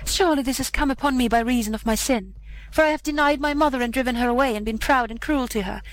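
A woman's voice: high voice, fast talker, natural voice, poor audio. A woman voicing a proud and cruel young boy in a storybook reading, haughty and scornful. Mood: remorseful.

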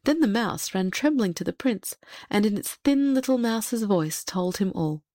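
A woman reading a fairy tale aloud in a gentle, measured storybook narration. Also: medium pitch, lively intonation, dry recording, clean studio sound. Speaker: audiobook reader.

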